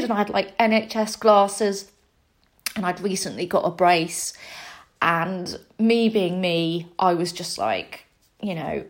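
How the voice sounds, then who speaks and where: A woman's voice: on the low side, slow pace. Candid woman telling her story. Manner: candid and self-deprecating, animated when quoting herself. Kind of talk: personal storytelling.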